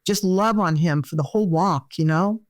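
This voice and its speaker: A woman's voice: fairly low pitch, moderate pace. A middle-aged woman therapist, a podcast guest, talking earnestly and explaining with everyday examples. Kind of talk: conversational interview.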